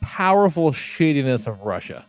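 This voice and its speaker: A man's voice: on the high side, very animated, normal speed. A man chatting casually on a podcast, swearing freely and rambling with lots of fillers as he tells stories. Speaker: podcast co-host.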